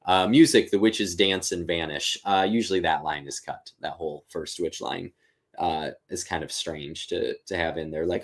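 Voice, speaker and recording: A man's voice: sits low, steady tone, normal speed. A man hosting a live-streamed reading and commentary, talking casually and thinking aloud with fillers. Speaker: teacher and host.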